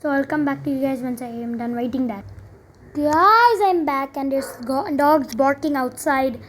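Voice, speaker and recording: A young woman's voice sits high at a normal speed, with slight background noise. Tutoring math in a chatty manner, she explains while writing, full of fillers and self-corrections.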